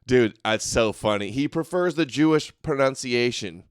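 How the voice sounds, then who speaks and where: A man's voice: mid-range voice, animated, moderate pace, smooth, no room sound, studio quality. Sarcastic male livestream host. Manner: sarcastic, mocking, laughs often. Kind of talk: livestream commentary reading donations.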